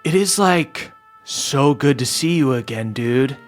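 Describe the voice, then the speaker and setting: A man voicing a laid-back male bear prince who drawls like a relaxed surfer dude. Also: medium pitch, slow pace, soft background music.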